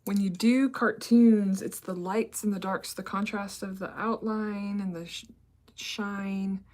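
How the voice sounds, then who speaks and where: Woman, face-painting tutorial, relaxed chatty talk, slips into whispers, slow pace. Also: medium pitch. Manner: relaxed, chatty, drifts into soft whispers while working. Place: indoors at a mirror.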